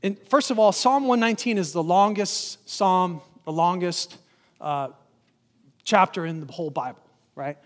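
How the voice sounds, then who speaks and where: High-voiced pastor preaching in an echoing hall. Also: male voice, a little slow. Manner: engaging, asks the congregation questions. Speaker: guest pastor. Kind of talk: sermon. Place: church sanctuary.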